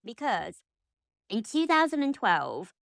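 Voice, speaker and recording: A woman's voice: a little high, sing-song, takes it slowly, vocal fry, fairly bright tone, dry recording. Chatty woman host. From Lancashire, England. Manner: chatty and jokey, with playful asides. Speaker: podcast host. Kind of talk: relaxed podcast chat.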